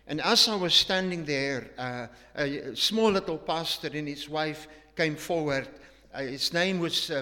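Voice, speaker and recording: Earnest preacher in a reverberant hall. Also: male voice, on the high side. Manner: earnest, emphatic, with frequent restarts and hushed drops. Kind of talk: sermon with storytelling.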